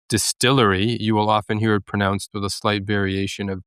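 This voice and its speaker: A man's voice: on the low side, level tone, brisk, hardly any pauses, fairly bright tone, smooth, no echo, studio quality. A man co-hosting a podcast, patiently explaining details in a casual, slightly pedantic way. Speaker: podcast co-host. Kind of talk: casual chat.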